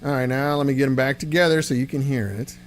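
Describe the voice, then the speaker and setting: With an electric guitar blaring through an amp in the background, an amp builder hosts a laid-back livestream. He talks fast at a medium pitch, rambling and filling his answers to chat with filler words.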